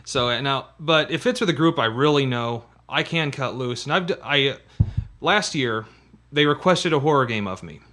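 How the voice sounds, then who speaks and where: Bright-voiced man chatting about horror games. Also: mid-range voice, lively intonation, normal speed. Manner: rambling, with many restarts and fillers. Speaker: podcast co-host. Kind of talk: casual chat.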